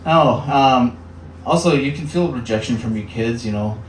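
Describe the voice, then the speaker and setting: A man's voice: mid-range voice, moderate pace, a little hiss or hum. A man in his thirties doing a stand-up comedy set in a small bar, conversational, with filler words and acted-out voices. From Upper Peninsula of Michigan. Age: 30s. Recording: echoey bar room, mic heard from a distance.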